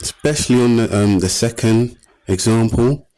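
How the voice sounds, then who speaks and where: A man in his thirties with an East London accent doing a stand-up comedy set, animated and streetwise, acting out little scenes. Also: mid-range voice, moderate pace, slight background noise, rough recording. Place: comedy stage before a live audience.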